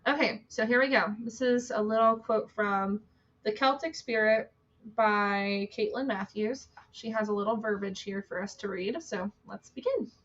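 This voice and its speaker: A woman's voice: medium pitch, normal speed, a bit bright. A woman hosting a casual spiritual live-stream, bubbly and gushing, chatting with fillers and reading quotes aloud. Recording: dull lo-fi stream audio.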